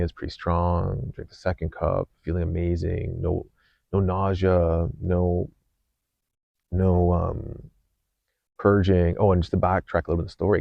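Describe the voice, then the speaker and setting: A man hosting a podcast, earnestly telling a personal story in an unhurried way, with many fillers and restarts. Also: sits low, creaky, no room sound. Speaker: podcast host. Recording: slightly dull dry sound.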